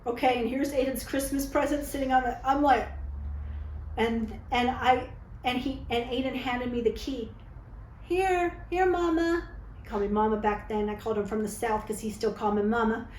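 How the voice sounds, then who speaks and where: Woman, casual vlog storytelling, candid and dramatic, slightly high voice, faint background hum. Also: level tone, fairly quick, darkish tone, reverberant, rough recording. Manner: dramatic, candid, chatty, tags lines with "okay?". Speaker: vlogger telling dating stories.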